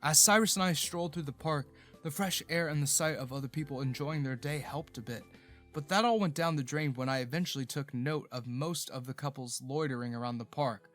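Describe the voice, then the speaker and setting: A man reads a first-person romance story in a steady storytelling voice. His pitch sits a little high, and faint background music runs underneath. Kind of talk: scripted first-person narration.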